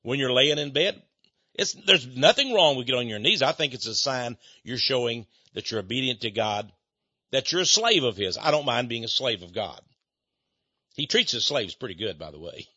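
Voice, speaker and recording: A man's voice: mid-range voice, expressive, normal speed, sharp tone, breathy edge, no room sound. An older man, preaching in a chatty, folksy way, laughing often and acting out little conversations. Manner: chatty, laughs often, acts out quoted voices. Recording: dull dry lo-fi recording.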